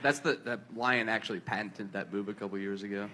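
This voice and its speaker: A man's voice: on the low side, fairly even intonation, fairly quick, pushed and bright. A man teasing and wisecracking in a casual podcast chat.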